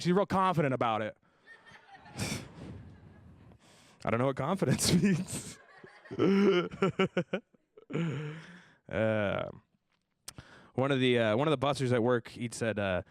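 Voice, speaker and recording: A young man hosting a stand-up comedy show, telling deadpan self-deprecating jokes and slipping into voices for the people he quotes. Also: medium pitch, moderate pace, pauses often, no room sound, clean studio sound. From Tucson, Arizona area. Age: young adult. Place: comedy stage before a live audience.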